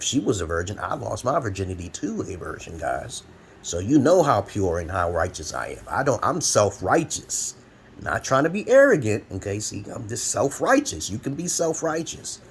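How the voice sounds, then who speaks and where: Man in his 40s, low voice, profane preachy advice rant at home, fan hum faintly behind. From Brooklyn, New York, USA. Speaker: advice vlogger. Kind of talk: rambling advice monologue. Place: home room. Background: fan running.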